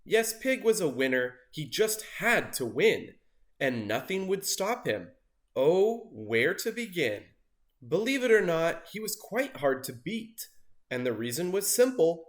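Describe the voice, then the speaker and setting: Man reading a storybook, high voice, big swoops in pitch, unhurried, expressive character voices. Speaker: storybook reader. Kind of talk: animated picture-book read-aloud.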